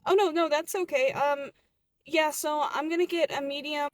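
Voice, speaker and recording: A woman's voice: high-pitched, fairly even intonation, moderate pace. A woman acting out a comedy skit at a coffee counter, flustered and indignant by turns. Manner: playing barista and customers, flustered and indignant.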